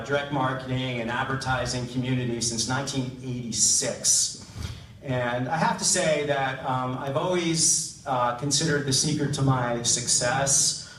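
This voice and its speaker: A man's voice: medium pitch, fairly bright tone, slight background noise. A middle-aged man giving an award acceptance speech in a large event hall, hesitant, with many ums and self-deprecating humor. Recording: roomy hall, distant mic, faint ambience.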